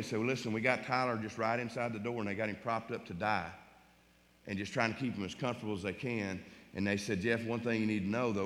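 A middle-aged man telling an emotional Christian testimony in a folksy way, repeating words and swinging from urgent to hushed. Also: mid-range voice. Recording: long hall reverb.

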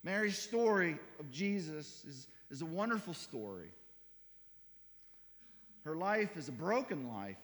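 A man's voice: fairly high pitch, very animated, unhurried, long pauses, fairly bright tone, big-room sound. A male pastor preaching a sermon in a church, emphatic and repetitive with stumbling restarts.

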